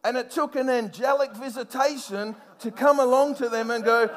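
A male preacher giving a sermon in an animated manner, rising to emphatic points and playfully acting out scenes. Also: very high voice, moderate pace, hardly any pauses.

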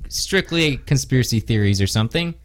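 A man's voice: medium pitch, lively intonation, fairly quick. A man co-hosting a podcast in an upbeat, casual chat. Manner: upbeat, exclaims a lot. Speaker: podcast co-host.

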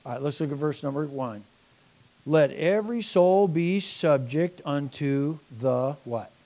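High-voiced impassioned preacher man. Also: expressive, measured pace. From United States. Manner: impassioned, rising to near-shouting, talking directly to a congregation. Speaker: pastor. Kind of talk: sermon.

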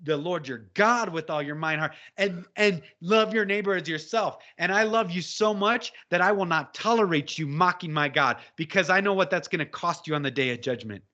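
A man preaching with passion in conversation, exhorting and building to loud outbursts. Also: high voice, normal speed, few pauses. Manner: impassioned, exhorting, rising to shouts when quoting. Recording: dull lo-fi audio.

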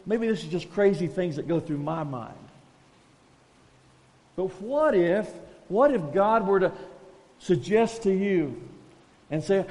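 A man's voice: high-pitched, expressive, a little slow, long pauses, a little mellow, long reverb tail. A man preaching a conversational, self-deprecating sermon as a pastor, calling his listeners folks.

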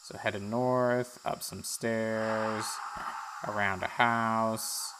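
A man's voice: lowish voice, steady tone, drawn-out words. A man hosting a let's-play podcast who chats casually while narrating the game on screen. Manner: chatty, narrates the game dialogue aloud. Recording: noisy background.

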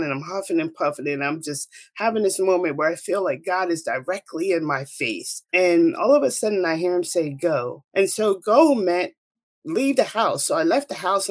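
A woman's voice: lowish voice, no room sound. Middle-aged woman guest, heartfelt storyteller, dry close sound. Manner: earnest, emotional storytelling. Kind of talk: telling a personal story.

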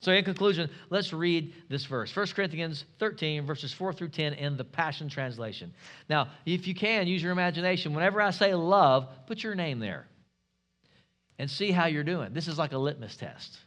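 A pastor preaching a sermon, emphatic and asking the congregation rhetorical questions. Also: male voice, a little high, expressive, moderate pace, a bit bright.

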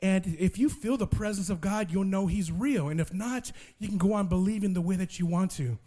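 A preacher doing a confident young believer. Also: male voice, high-pitched, a little fast. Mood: reasoning. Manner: steady, encouraging, organizing. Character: confident young male Christian friend, calm leader.

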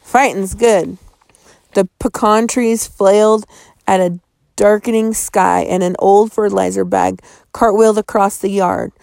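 Female audiobook narrator, suspenseful, slight fry, dry booth sound. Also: medium pitch, steady tone, measured pace, a little mellow, no room sound. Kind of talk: storybook reading.

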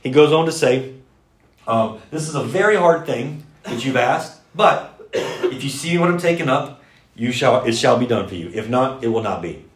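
Dude preaching fast and excited, mid-pitch voice, big echoey room. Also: male voice. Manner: energetic, fast-talking storyteller with bursts of loud mimicry. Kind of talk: sermon.

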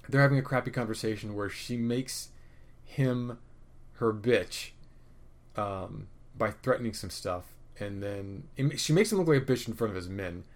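A man casually recapping a TV episode, opinionated and profane, rambling with restarts and swinging between loud rants and muttered asides. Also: on the low side. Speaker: podcast host reviewing a TV episode.

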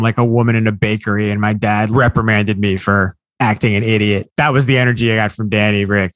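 Joking podcast host, dry close sound. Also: male voice, mid-range voice, fairly bright tone, no room sound. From United States. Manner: rambling, jokey, quick asides. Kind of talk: casual comedic chat.

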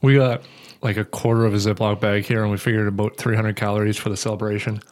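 A man's voice: fairly low pitch, flat delivery, fast talker, darkish tone. A man co-hosting a podcast in casual chat, describing things in a plain, matter-of-fact, detailed way. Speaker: podcast co-host.

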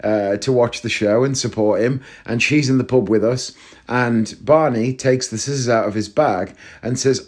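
A man's voice: mid-range voice, normal speed, a little mellow, breathy edge. A man in his thirties hosting a solo comedy podcast, rambling and self-deprecating as he tells stories. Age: 30s. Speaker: podcast host and actor. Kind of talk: casual comedic monologue.

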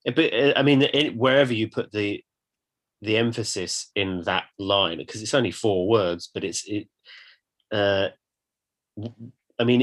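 A man who writes, co-hosting a casual chat about a play, hesitant, with many fillers and false starts. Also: fairly low pitch. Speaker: podcast co-host, writer.

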